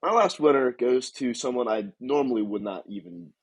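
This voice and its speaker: A man co-hosting a casual sports podcast, laid-back and quick to agree with his co-host. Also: medium pitch, animated, vocal fry, husky, low-quality recording.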